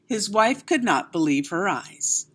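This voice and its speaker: A woman reading a children's picture book aloud, expressive, with chatty asides to her young listeners. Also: mid-range voice, measured pace, husky. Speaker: storyteller.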